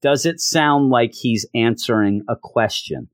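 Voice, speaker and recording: A man's voice: mid-range voice, a little slow, dry recording, clean studio sound. A man casually recapping a comic issue with sarcastic, rambling commentary and frequent stammered restarts. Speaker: comic book podcast host.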